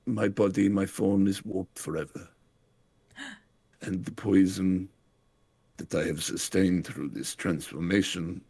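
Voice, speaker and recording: A man voicing a solemn, dying old village leader with a put-on German accent, speaking slowly and fading with gasps. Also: fairly low pitch, warm tone. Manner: slow, fading, breathy gasps.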